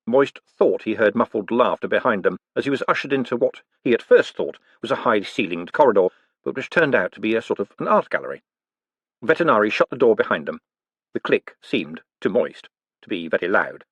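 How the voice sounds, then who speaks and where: A man reading a novel aloud as a narrator, in measured storytelling. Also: on the low side, lively intonation, husky, no room sound. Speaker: audiobook narrator. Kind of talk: scripted narration.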